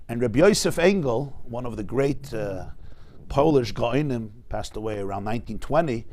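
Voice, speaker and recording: A man teaching a Talmud class. He swings between loud emphatic bursts and quiet asides, and asks the class rhetorical questions. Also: medium pitch, vocal fry.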